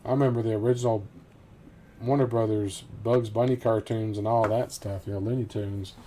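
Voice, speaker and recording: Middle-aged man, casual let's-play commentary, mellow voice, rambling and relaxed, chuckles often. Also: fairly low pitch, normal speed, slight background noise. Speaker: gameplay commentator.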